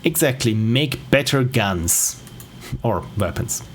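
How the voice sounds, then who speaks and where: A man giving relaxed, rambling gameplay commentary on a livestream, with self-deprecating asides. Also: mid-range voice, slow pace, slight background noise. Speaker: game streamer.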